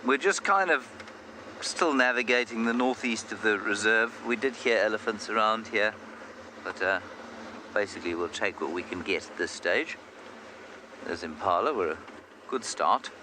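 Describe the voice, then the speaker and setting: A man's voice: fairly low pitch, moderate pace. A man working as a safari guide, giving chatty, self-deprecating commentary on a live game drive from an open vehicle outdoors. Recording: outdoor noise from a moving vehicle.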